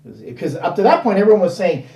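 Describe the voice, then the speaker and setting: Animated storytelling man, mellow and roomy. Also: sits high, quick pace, highs cut off. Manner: animated, acts out dialogue in quoted voices; rambling with frequent restarts and fillers. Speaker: interview guest. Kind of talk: casual anecdote storytelling. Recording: roomy sound from a distant mic.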